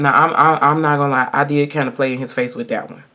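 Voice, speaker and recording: A woman's voice: very deep voice, steady tone, fast talker, noisy background. A woman in her twenties telling a personal story in a casual get-ready-with-me video, chatty and emphatic, talking straight to her viewers. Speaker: vlogger.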